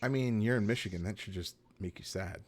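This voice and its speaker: A man's voice: fairly low pitch, fairly quick, a little hiss or hum. A man running a tabletop game as game master, recapping the story and explaining the rules in a loose, chatty way with frequent self-corrections.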